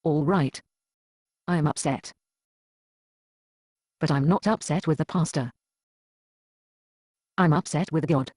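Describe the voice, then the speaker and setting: A woman's voice: low voice, takes it slowly, long pauses, a little mellow, breathy edge, no room sound, clean studio sound, heavily acted. A woman acting as an upset single woman who answers defensively and evasively in an amateur Bible drama.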